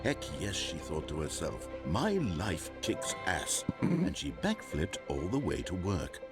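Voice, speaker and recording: Casting: a dry, meddling video game narrator with a lively, swooping delivery. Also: male voice, sits low, measured pace, full character voice. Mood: dry storytelling. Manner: dry, mock-grave storytelling with sudden pleading asides. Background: game music.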